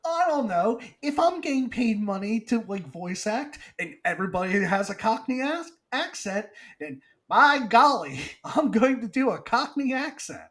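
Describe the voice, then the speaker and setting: A man co-hosting a podcast in casual chat, animated and laughing as he reads news items aloud. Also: very high voice, moderate pace, few pauses. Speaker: podcast co-host.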